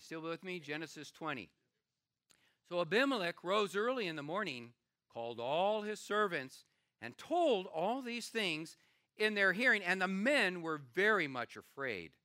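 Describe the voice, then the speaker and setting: An older man, a pastor, preaching a sermon with animated storytelling and acted-out quotes. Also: high-pitched, normal speed, no room sound, clean studio sound.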